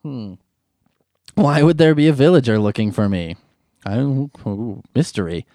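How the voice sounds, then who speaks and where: A man reading a sentimental story aloud and mocking it with sarcastic, deadpan asides. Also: mid-range voice, measured pace, no echo, clean studio sound. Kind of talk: mocking commentary over a read-aloud story.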